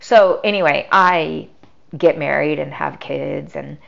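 Gravelly-voiced woman telling her story. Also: low-pitched, takes it slowly. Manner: chatty, full of "like" and quoted dialogue. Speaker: podcast guest. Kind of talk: personal storytelling. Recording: dull lo-fi sound.

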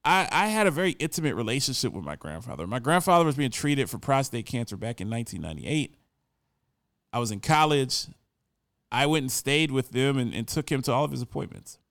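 A man's voice: medium pitch, very animated, brisk, vocal fry, fairly bright tone, dry recording, studio quality. A man in his forties telling a personal story in a casual, earnest and reflective way, often repeating words as he goes. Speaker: storyteller remembering his grandfather.

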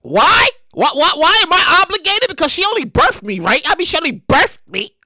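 Brief: high, bright-voiced woman host telling a profane comic story. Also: normal speed, dry recording, clean studio sound. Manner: animated, profane, repeats herself for effect. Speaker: show host.

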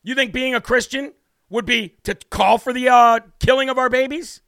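A high, bright-toned man hosting a talk show, delivering a brash and emphatic monologue in a preachy way. His voice sits in a dry, close sound with no room around it. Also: steady tone, normal speed, creaky, clean tone, no echo. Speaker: political talk show host. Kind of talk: opinionated monologue with scripture reading.

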